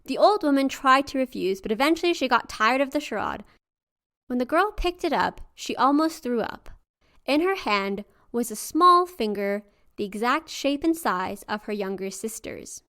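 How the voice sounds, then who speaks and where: A woman co-hosting a podcast, reading a folktale aloud and chatting between passages in a lively way, laughing easily. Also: a little high, normal speed. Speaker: podcast co-host and storyteller. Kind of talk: story reading and casual chat.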